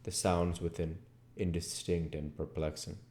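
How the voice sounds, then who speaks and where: A man reading a classic novel aloud as audiobook narration. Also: deep voice. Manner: slow, expressive reading. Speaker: audiobook reader.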